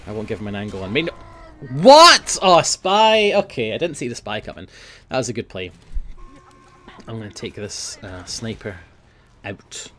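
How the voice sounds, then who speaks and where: A young man giving casual gameplay commentary, swearing often and grumbling at his team, quick to flare up. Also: lowish voice, slight background noise. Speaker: gaming video host.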